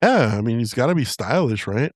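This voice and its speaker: A man's voice: medium pitch, lively intonation, fairly quick, dry recording, studio quality. A young man from Southern California hosting a casual podcast, telling stories, laughing often and slipping into quoted voices. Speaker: podcast host.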